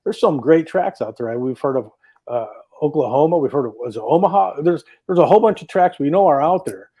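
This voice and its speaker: A man's voice: a little high, lively intonation, a little fast, slightly rough, narrow, tinny audio. A man guest on a talk show, telling stories in an enthusiastic, rambling way over a video call. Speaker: drag racing driver guest. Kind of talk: casual talk show interview.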